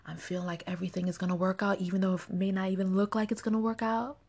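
A woman hosting a podcast, leading listeners through guided affirmations in a slow, deliberate, encouraging way, often dropping to a soft whisper. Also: medium pitch, level tone. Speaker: podcast host.

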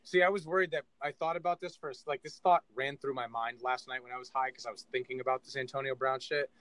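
A man co-hosting a casual sports podcast, rowdy and animated, swearing constantly. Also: mid-range voice, quick pace, no echo, poor audio. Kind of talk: casual chat.

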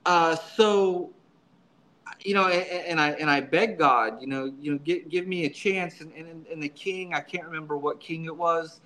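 A man's voice: on the high side, normal speed, bright, forceful tone, poor audio. A man guest in an interview, a subdeacon telling his story in a casual, earnest way, often repeating words as he restarts his sentences.

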